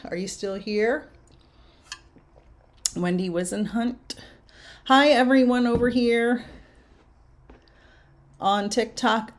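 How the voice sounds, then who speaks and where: An older woman working as a medium, giving readings and answering viewer questions on a livestream in a slow, musing way with soft laughs. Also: on the low side.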